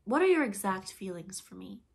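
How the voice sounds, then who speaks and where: A woman voicing a prim, earnest girl who plays mother to a household of boys, in a soft, higher voice. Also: sing-song, moderate pace, gravelly.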